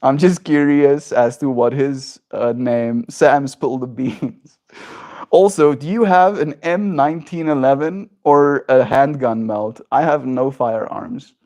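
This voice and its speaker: A man's voice: mid-range voice, slow pace. A young man from South Africa with a self-shaped neutral accent, live streaming and chatting casually with viewers, peppering his talk with "like" and "right?". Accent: self-shaped neutral, slightly American-leaning. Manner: chatty, animated, frequent "like" and "right?" tags. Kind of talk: casual chat reading viewer comments.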